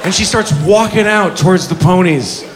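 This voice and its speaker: A man doing animated, profane, self-mocking stand-up storytelling. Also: sits high, normal speed, crowd noise. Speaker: stand-up comedian. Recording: live club with audience and noise.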